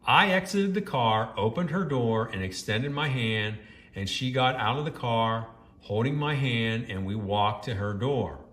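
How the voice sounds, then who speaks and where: A man's voice: mid-range voice, measured pace, a bit bright, echoey room. Man narrating with judgmental asides. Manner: judgmental, scolding commentary. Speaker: story narrator and commentator. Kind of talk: reading a first-person story with opinionated asides.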